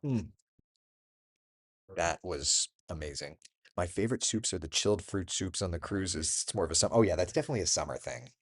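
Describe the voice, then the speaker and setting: A man's voice: sits low, animated, fairly quick, slightly rough. A man hosting a casual morning chat, reading out and reacting to viewer comments by name, with laughs along the way. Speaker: host.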